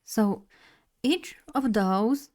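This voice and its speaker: A young woman streamer, a native Polish speaker, rambles through casual live-stream chat, often laughing at herself in a chatty, self-deprecating way. Her voice sits on the high side and sounds expressive and a little mellow.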